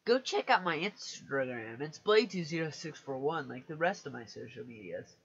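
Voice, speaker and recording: A man's voice: fairly high pitch, expressive, normal speed, fairly bright tone, husky, highs cut off. A man chatting casually on a live stream, hesitant and self-mocking, often restarting his sentences.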